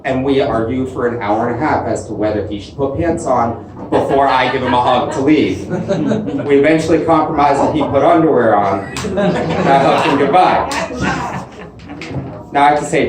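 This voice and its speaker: A man's voice: medium pitch, recorded from a distance. A man doing a stand-up comedy set, telling crude stories about his dad. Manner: storytelling, crude punchlines, quotes his dad. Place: comedy club stage. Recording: echoey club, mic heard from afar. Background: audience laughter.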